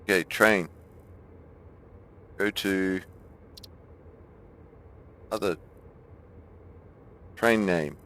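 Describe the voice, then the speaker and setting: A man's voice: low voice, extremely slow, pauses often, a bit bright. A man streaming a game, chatting casually, thinking aloud and laughing often. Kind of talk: casual gameplay chat.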